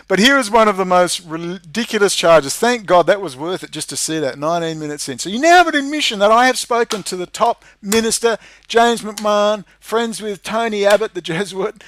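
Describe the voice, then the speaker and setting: A man's voice: sits high, a bit bright, a little hiss or hum. An Australian man delivering an emphatic, profane rant as a video commentator. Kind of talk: ranting monologue.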